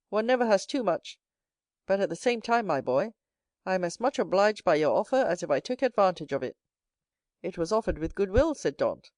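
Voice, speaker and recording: A woman reading a classic novel aloud as an audiobook narrator, voicing each character herself and lifting her pitch for the young hero. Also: lively intonation, brisk, darkish tone, no echo, studio quality. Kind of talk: scripted narration.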